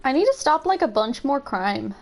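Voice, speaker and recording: A woman's voice: sits high, big pitch swings, crowd noise. A giggly young woman chatting casually while playing a video game on a live stream. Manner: giggly, chatty, drawn-out musing. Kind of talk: casual chat over gameplay.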